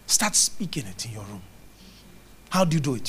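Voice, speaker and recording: A man preaching a charismatic sermon, animated, acting out little scenes with mimicked voices and sounds. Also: mid-range voice, moderate pace, pauses often, a little hiss or hum. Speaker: prophet preaching.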